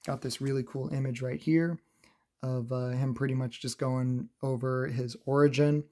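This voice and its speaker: Chatty man with a mellow voice. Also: medium pitch, fairly even intonation, normal speed. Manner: chatty, laughs often, many "uh" fillers. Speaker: comic book reviewer. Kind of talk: casual review recap.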